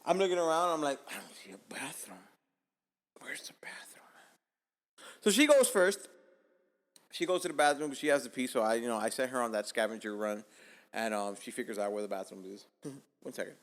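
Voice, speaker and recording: Man, podcast host, from Miami, casual storytelling, profane, loud bursts and whispers, reverberant room. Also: mid-range voice, fast. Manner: profane, animated, swings between loud bursts and hushed asides.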